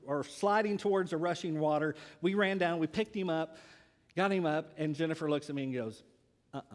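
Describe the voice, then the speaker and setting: Man pastor, sermon storyteller, fairly high voice, echo of a big sanctuary. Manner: lively storytelling with pauses.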